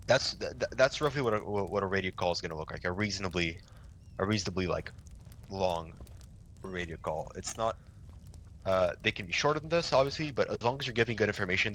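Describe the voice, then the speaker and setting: A man's voice: low voice, fairly bright tone, a little hiss or hum. A young man running a casual milsim signals training, talking loosely and swearing, with many restarts. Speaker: milsim instructor.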